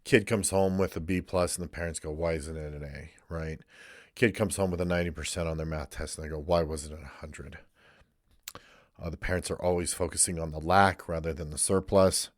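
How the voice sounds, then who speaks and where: A man's voice: low-pitched, steady tone, fast talker, no room sound, studio quality. A male counselor talking casually and candidly to camera, swearing freely and rambling through asides. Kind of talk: casual monologue.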